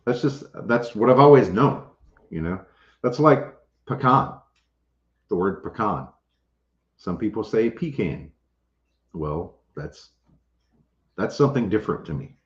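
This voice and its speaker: This homestead host takes his time, pausing often, his lowish voice full of lively intonation. He's chatting with livestream viewers in a laid-back, joking way and reading their comments. Expect roomy, dull, lo-fi audio.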